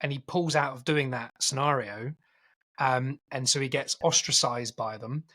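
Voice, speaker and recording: A man on a film podcast rambles through a plot recap in casual chat. His voice is husky and slightly breathy, pitched in an ordinary middle range. He slips into quick acted-out quotes as he goes. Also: bright, forceful tone. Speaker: podcast co-host.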